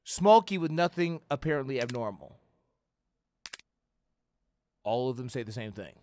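A young man giving profane, slangy commentary on a horror game, yelling and cursing at jump scares. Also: medium pitch, expressive, normal speed. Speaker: gaming YouTuber. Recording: faint background noise.

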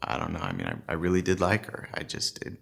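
An American actor playing an actor in London, talking in an awkward, halting way and stumbling over his words. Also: deep voice, big pitch swings, gravelly, a bit bright, exaggerated voice. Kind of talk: short film acting.

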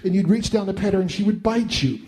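Self-deprecating storyteller with a mellow high voice. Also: male voice, fast talker, a little hiss or hum. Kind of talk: comic monologue.

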